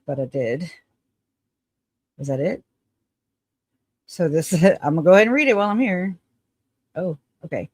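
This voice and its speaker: A woman's voice: deep voice, darkish tone, no echo. A woman host with a Southern twang, reading news articles aloud and breaking off into sarcastic asides. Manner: sarcastic asides, reads with stumbles.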